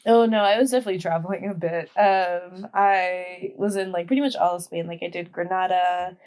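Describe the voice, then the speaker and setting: A woman's voice: fairly low pitch, steady tone, brisk, a little mellow. A young woman in her twenties guesting on a podcast. She rambles through her stories in easy casual chat, leaning on filler words as she goes. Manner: chatty storytelling full of "like" fillers.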